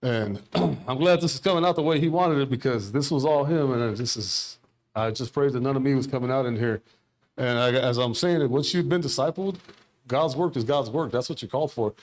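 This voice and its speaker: A man's voice: medium pitch, fairly quick. A middle-aged man giving an informal sermon at a church service, rambling and conversational, telling stories with quoted dialogue. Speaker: lay preacher.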